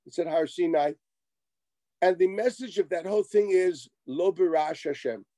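A middle-aged man delivers a Torah lecture in a fairly high, mellow voice. He is animated and wry, acting out exchanges as he teaches. The sound is close and dry. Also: normal speed, dry recording. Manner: animated, wry asides, acts out quoted exchanges. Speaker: rabbi lecturing.

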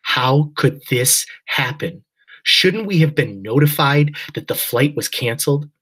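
A man's voice: mid-range voice, expressive, unhurried, fairly bright tone, breathy edge, pitched above the performer's own voice. A man voicing a desperate, angry middle-aged father, pressing urgently. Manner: urgent, pleading.

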